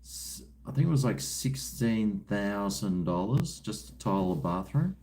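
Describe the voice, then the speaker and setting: Aussie guy rambling slow on his livestream over a beer, laid-back and a bit crude. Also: fairly low pitch, lively intonation, warm tone, a little hiss or hum. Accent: Australian. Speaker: livestream host. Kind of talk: casual livestream chat while drinking.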